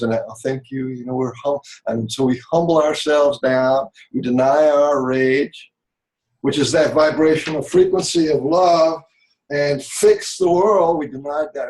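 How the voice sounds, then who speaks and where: A man's voice: mid-range voice, moderate pace, a little mellow, low-quality recording. Rambling man swearing through a spiritual talk. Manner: swears freely, repeats and restarts words, dramatic. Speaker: spiritual talk show guest.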